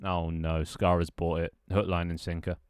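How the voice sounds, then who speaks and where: A man's voice: low-pitched, flat delivery, normal speed, a little mellow, smooth, no echo, clean studio sound. A young man streaming live, chatting loosely with his viewers and friends, rambling and laughing as he goes. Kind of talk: casual live-stream chat.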